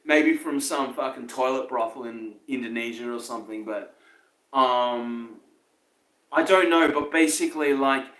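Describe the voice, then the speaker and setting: A man's voice: mid-range voice, unhurried, a bit bright, reverberant, rough recording. A man with a New Zealand accent, a podcast host rambling through a casual monologue full of swearing, fillers and chuckles.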